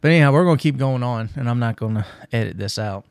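A man's voice: mid-range voice, fast talker, no room sound. A man co-hosting a podcast, telling a story in casual chat and cursing freely. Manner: profane storyteller, loud and laughing at the climax. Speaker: podcast co-host.

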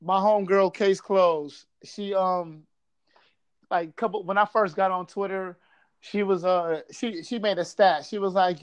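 A man's voice: sits high, steady tone, measured pace, clean tone. A man from Buffalo telling a casual story, swearing freely and acting out quotes. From Buffalo, New York.

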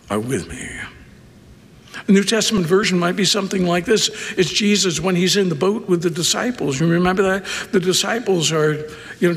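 A man preaching a sermon, talking conversationally, with dramatic swings from loud emphasis down to a hushed near-whisper. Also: high voice, long reverb tail. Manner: conversational asides and repetition. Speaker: pastor.

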